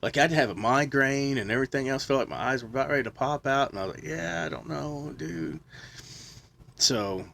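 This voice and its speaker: A man's voice: mid-range voice, fast, few pauses, a bit bright, slight background noise. A man talking loosely and swearing in a casual podcast chat. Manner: loose, laughing, swears freely.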